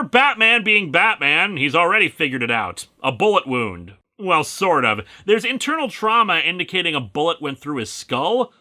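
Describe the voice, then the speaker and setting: A man narrates a comic book review with a steady stream of wry, sarcastic asides. His voice is strikingly bright and sharp, sitting a little high, and it moves around animatedly. He has the relaxed, practiced flow of a regular host.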